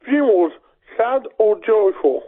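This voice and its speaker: A man's voice: sits high, expressive, measured pace. A man with a Birmingham accent, co-hosting a radio show in an earnest, plain-spoken way. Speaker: radio co-host. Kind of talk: casual radio chat. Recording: tinny phone-like radio sound.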